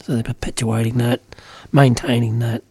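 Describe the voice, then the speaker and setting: A man's voice: mid-range voice, little pitch movement, normal speed, darkish tone, breathy edge, no echo. A middle-aged Australian man with an Australian accent, talking earnestly and emphatically in casual political conversation, with many "you know" fillers.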